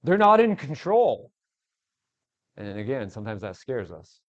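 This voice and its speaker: A male pastor preaching a sermon, animated, acting out the disciples' panicked cries in a raised voice. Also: medium pitch, measured pace, muffled recording.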